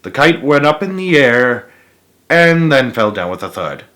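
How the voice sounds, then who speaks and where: A man's voice: mid-range voice, measured pace. A man reading a children's picture book aloud, adding playful asides. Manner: animated, with asides to listeners. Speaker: storybook reader.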